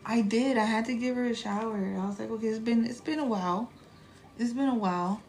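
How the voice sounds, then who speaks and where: A woman in her thirties chatting casually on a live stream as a spiritual reader, animated and profane, with laughing asides. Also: on the high side, a little fast.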